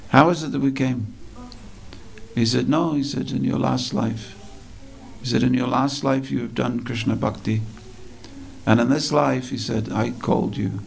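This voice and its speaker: Male preacher, gravelly tone, storytelling sermon in a temple hall, unhurried and repetitive. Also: mid-range voice, fairly even intonation. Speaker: speaker at a temple festival.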